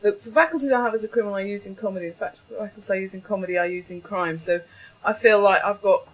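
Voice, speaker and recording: A woman's voice: medium pitch, fast talker, husky, rough recording. A woman hosting a comedy panel, chatty and hesitant, with plenty of ums. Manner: chatty, hesitant, self-mocking. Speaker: host.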